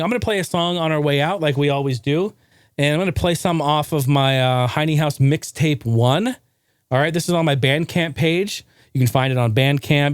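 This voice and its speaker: Excitable man telling a story, dry close mic. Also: a little high, clean tone, dry recording. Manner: energetic, rambling, swears casually. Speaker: podcast host. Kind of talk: casual storytelling monologue.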